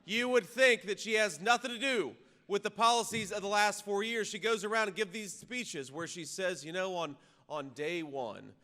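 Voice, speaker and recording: A man giving a campaign rally speech into a podium microphone, talking conversationally with restarts and repeated words and rising to loud punchy lines. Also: high-pitched, moderate pace, hardly any pauses. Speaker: political candidate addressing a rally. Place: large reverberant rally venue. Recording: long reverb of a rally hall, faint ambient noise.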